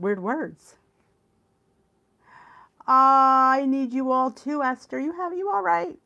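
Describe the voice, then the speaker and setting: A woman's voice: high voice, a little slow, a bit bright. A middle-aged woman with a Philadelphia accent, hosting a live stream and chatting with viewers, laughing often. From Philadelphia area, US. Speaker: weight loss channel host.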